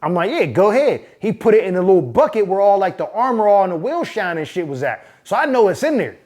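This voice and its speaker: A man hosting his own channel, telling a personal story in a casual, profane, animated way. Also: high-pitched, fast. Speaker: host. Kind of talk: storytelling monologue.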